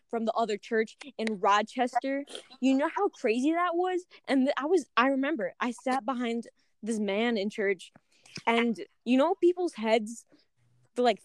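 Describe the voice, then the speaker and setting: A woman's voice: a little high, a little hiss or hum. A young adult woman in a casual chat with friends, rambling through anecdotes with laughter.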